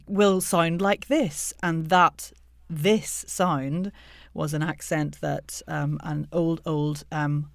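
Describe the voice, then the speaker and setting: A woman's voice: low voice, creaky, darkish tone, dry recording. A woman, a voice and accent coach and podcast co-host, chatting animatedly in an interview with laughing asides. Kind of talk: casual interview chat.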